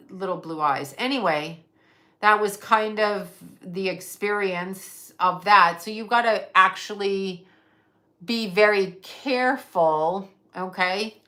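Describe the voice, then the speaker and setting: A woman's voice: medium pitch, bright, forceful tone. A middle-aged woman hosting a casual livestream, venting bluntly with profanity and reading viewer comments aloud. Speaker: livestream host. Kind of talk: casual live chat.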